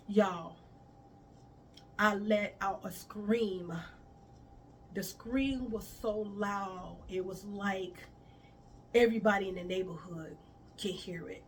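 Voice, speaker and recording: A woman's voice: medium pitch, steady tone, slow, pauses often, recorded from a distance. A woman shares a personal story in a casual storytime vlog and calls her viewers "y'all" as she goes. She acts out each person's lines in turn. The mic sits a little away from her, and there's a faint hiss in the background. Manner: conversational, addresses viewers as y'all, quotes others in dialogue.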